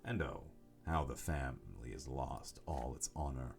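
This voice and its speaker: A man voicing a zealous, mad old nobleman grandfather in a slow, brooding, menacing manner, lower than his own voice. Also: gravelly, darkish tone, soft background music, heavily acted. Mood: lamenting.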